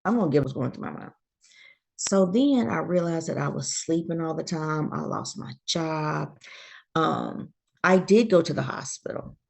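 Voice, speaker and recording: A woman from Georgia, USA, appears as a guest in a casual interview, telling her own story and performing the voices of the people in it with lively flair. Her voice sits low and creaky, at a moderate pace.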